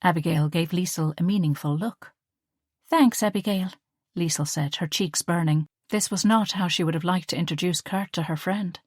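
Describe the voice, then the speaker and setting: A woman narrates an audiobook in a measured, even storytelling style. Her voice is on the low side with a breathy edge, recorded at studio quality with no room sound.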